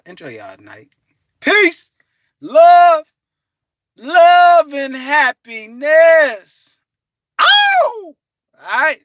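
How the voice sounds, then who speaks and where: A man giving an animated, preachy motivational talk from his parked car, breaking into bits of song and laughter. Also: sits high, dry recording. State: hot and restless. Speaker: vlogger.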